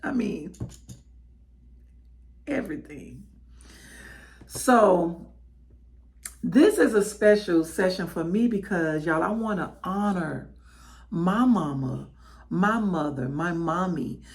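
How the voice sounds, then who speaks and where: A woman's voice: lowish voice, takes it slowly. A woman from the American South with a Southern accent, hosting her show and talking straight to her listeners. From Miami, Florida. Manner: animated, warm calls to the audience. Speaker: host. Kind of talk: lively show host address.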